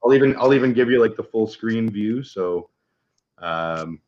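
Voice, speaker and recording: A man's voice: lowish voice, lively intonation, normal speed, highs cut off, background noise. A middle-aged Canadian man with a Canadian accent, hosting a casual chat and telling rambling, profane stories. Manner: profane, rambling storyteller with acted-out voices. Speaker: host.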